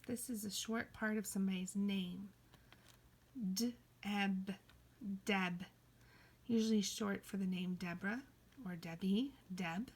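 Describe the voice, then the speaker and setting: A woman teaching a kindergarten reading lesson, playful, slipping into high excited cries and soft whispers. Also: slow pace, long pauses, husky.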